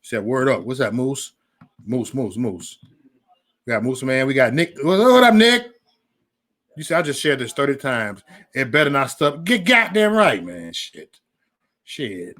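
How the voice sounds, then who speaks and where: Man, livestream host, casual chat; lively, bright and loud, profane, drops to a mumble between bursts. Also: mid-range voice, unhurried, pauses often.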